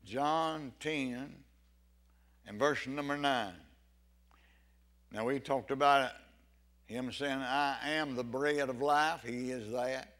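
A man's voice: mid-range voice, slow pace, pauses often. A man preaching an evening sermon with fervor, repeating phrases and calling out amen and hallelujah. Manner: fervent, builds to loud exclamations.

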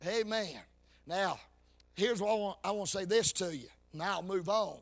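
A man preaching a fervent sermon, his lines rising into half-sung, shouted peaks. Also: high voice, moderate pace, creaky.

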